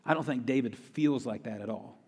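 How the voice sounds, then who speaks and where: Heard in a big, echoing hall, this pastor talks through his sermon at a fairly quick clip, circling back to key phrases to drive them home. His voice is medium-pitched, husky and a little mellow.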